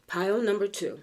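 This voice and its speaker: An American woman's mid-range, darkish voice carries a chatty, earnest pick-a-card tarot reading over slight background noise. She slows down to read the cards aloud and clears a tickly throat.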